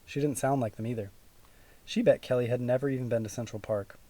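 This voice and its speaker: A man reading a children's audiobook aloud in a steady, even storytelling manner. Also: mid-range voice, quick pace, dry recording. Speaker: audiobook narrator. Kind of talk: scripted narration.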